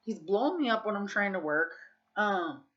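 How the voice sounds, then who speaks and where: A woman's voice: mid-range voice, animated, normal speed, a bit bright, highs cut off. A woman vlogging in a candid, casual confessional chat, swearing freely and saying "like" and "dude" a lot. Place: Las Vegas.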